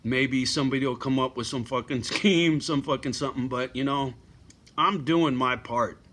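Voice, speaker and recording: A man's voice: mid-range voice, moderate pace, fairly bright tone. A middle-aged man ranting bluntly to his viewers in a profane, surly home vlog. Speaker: vlogger. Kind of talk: profane rant to camera.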